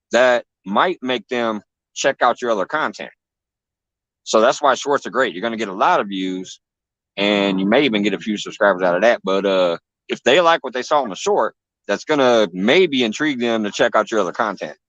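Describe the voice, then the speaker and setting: A man's voice: medium pitch, animated, moderate pace, fairly bright tone, dry recording, dull audio. Easygoing man chatting on a livestream. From Illinois. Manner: easygoing, laughs often, reads out chat names. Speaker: livestream host. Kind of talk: casual livestream chat.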